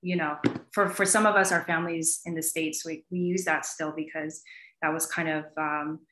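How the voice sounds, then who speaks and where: Lively woman guest in a roomy space. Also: low voice, normal speed. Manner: animated, many fillers like "you know". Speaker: guest academic. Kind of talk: conversational interview answer. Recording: roomy echo.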